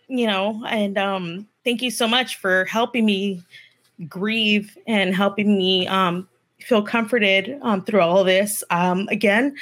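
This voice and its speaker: A woman guest on a livestream podcast, talking in an emotional, halting way with many pauses and fillers. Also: medium pitch.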